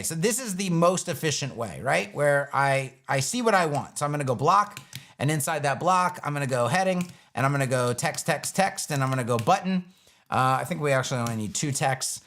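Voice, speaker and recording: A man's voice: a little high, a bit bright. A man teaching web design on a live stream, talking casually through each step as he builds a page on screen.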